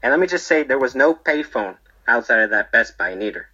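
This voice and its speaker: With lively intonation and a slightly fast pace, a man voices a defensive, rambling barber behind bars, telling his tale to an interviewer in a comedy monologue and ending lines with "okay?" or "right?". His medium-pitched voice is sharp and husky, and the audio is dull.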